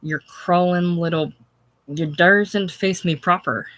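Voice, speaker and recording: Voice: mid-range voice, fairly even intonation, a little slow, a bit bright, dry recording, natural voice. A reader voicing a burly, drunken male smith who threatens in coarse dialect. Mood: threatening.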